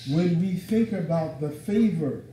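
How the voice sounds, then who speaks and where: Male lecturer, high-pitched, emphatic and conversational, slangy delivery; echoey room, mic at a distance. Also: lively intonation, unhurried, warm tone, slight background noise. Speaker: religious teacher.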